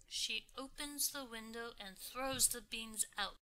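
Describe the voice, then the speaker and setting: A woman reading a simple storybook aloud for learners, with clear, deliberate phrasing. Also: a little high, pushed and bright. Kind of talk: slow storybook read-along for learners.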